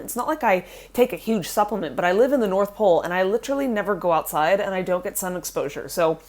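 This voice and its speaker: A woman in her forties talks through a casual fitness vlog, rambling from one point to the next and laughing at herself. Her voice sits at a middle pitch and sounds congested and stuffy from a lingering cold. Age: 40s. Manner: rambling, self-deprecating, laughs often. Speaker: fitness vlogger.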